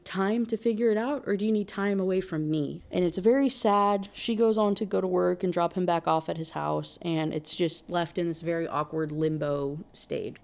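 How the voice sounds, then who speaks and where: Book reviewer, woman, low voice, animated and exclaiming. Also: creaky. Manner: animated, exclaiming, lots of fillers. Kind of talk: casual book rant.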